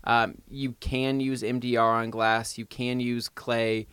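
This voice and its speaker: A man co-hosting a podcast, answering a viewer's question casually with many pauses and ums. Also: medium pitch, flat delivery, a bit bright, smooth, no room sound. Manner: reads out comments, then answers with many ums. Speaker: podcast co-host. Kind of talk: casual chat. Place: podcast studio.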